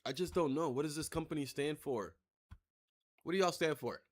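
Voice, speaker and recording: A man's voice: fairly high pitch, normal speed. A man giving casual, rambling let's-play commentary, swearing freely and turning sarcastic as he reacts to the story. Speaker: gameplay commentator.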